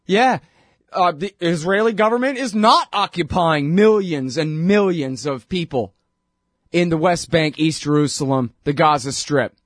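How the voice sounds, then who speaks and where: A man's voice: on the high side, normal speed, dry recording, studio quality. A man hosting a talk show, delivering a sarcastic, opinionated political monologue that builds to indignant outbursts.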